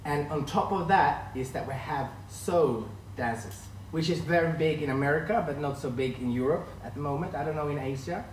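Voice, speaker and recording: A man's voice: on the high side, normal speed, hardly any pauses, a little hiss or hum. Male host, 30s, Swedish accent, casual stream chatter, distant mic in a roomy space with faint ambience. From northern Sweden. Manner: chatty, greets chat viewers by name. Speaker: line dance instructor hosting a live stream. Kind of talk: casual live-stream chat greeting viewers. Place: room at home.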